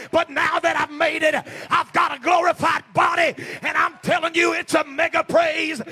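A man preaching a revival sermon, shouting and exhorting his congregation to praise. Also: extremely high pitch, creaky. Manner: shouting, call-and-response exhortation.

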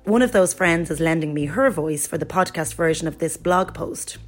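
A woman with a somewhat low voice reads a personal account in the first person, as scripted narration. Her delivery is even and storytelling in tone, with faint music playing underneath. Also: normal speed. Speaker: guest reader voicing a friend's blog.

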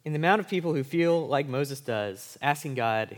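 A man's voice: medium pitch, animated, moderate pace. A man preaching a sermon as a pastor. He talks to college students in a casual, conversational way and often checks in with "right?". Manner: speaks to college students in everyday language.

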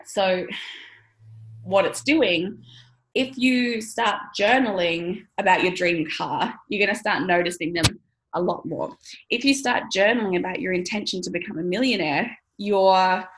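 In a low-quality clip, a thirtysomething money mindset coach chats casually to camera at a measured pace. Her voice sits mid-range, and she laughs often with the odd swear word.

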